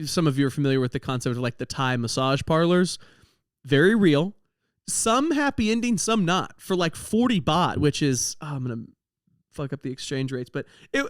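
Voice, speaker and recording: A man's voice: a little high, lively intonation, moderate pace, dry recording, studio quality. A young man hosting a podcast, telling a comedic story about his travels in a self-deprecating way, laughing at his own jokes. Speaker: podcast host.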